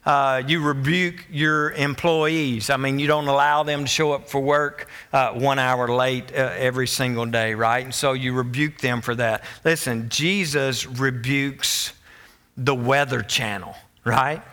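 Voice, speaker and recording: A man preaching a sermon, emphatic and animated, often restarting his words as he builds to excited peaks. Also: medium pitch, a little slow. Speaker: pastor.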